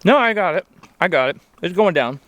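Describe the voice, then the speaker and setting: A man's voice: sits high, lively intonation, brisk, fairly bright tone. A man hosting his channel, chatting casually outdoors on a frozen lake in winter while eating and laughing, often talking with his mouth full. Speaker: channel host.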